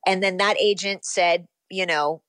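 A woman in her fifties, an actress being interviewed, recalling her past in a relaxed, rambling way full of ums and you-knows. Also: fairly low pitch, a little slow, dry recording. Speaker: actress guest. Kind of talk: casual interview.

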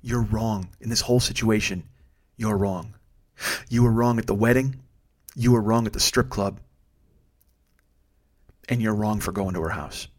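A man's voice: lowish voice, a little slow, pauses often. A man telling a story from his driving job in a blunt, profane, exasperated way. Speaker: storyteller, rideshare driver. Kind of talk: casual storytelling.

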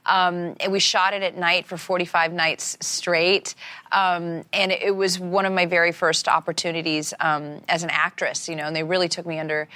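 Woman from iowa, lowish voice, lively anecdote-telling, talk-show guest. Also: no room sound. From Iowa, USA. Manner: animated storyteller, acts out quotes with rising pitch. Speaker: actress guest. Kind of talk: casual talk-show chat. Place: TV studio with live audience.

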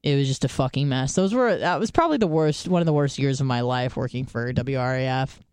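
A woman's voice: a bass voice, fast, a little mellow, smooth, no room sound. A woman hosting a podcast, telling rambling, profane stories in casual chat. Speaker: podcast host.

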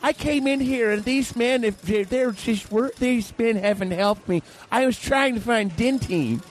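A man's voice: very high-pitched, measured pace, slight background noise, pitched above the performer's own voice. A man doing a frail, lost old shopper. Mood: plaintive. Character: lost elderly retired male shopper, frail and pleading.

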